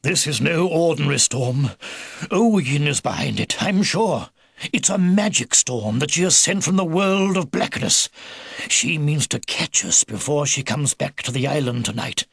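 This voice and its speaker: A man's voice: a little high, animated, a little slow, gravelly, fairly bright tone, husky, no room sound, studio quality, heavily acted. A man voicing a kindly old beaver grandfather. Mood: urgent. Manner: hesitant, fatherly, says uh before orders. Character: elderly male beaver, kindly grandfather, steady.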